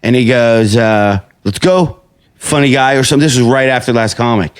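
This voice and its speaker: A man's voice: medium pitch, a little fast, clean tone. A man chatting casually as a podcast host, telling stories and acting out the quotes in jumpy voices. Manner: animated storyteller, acts out quotes in jumpy voices. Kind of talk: casual chat.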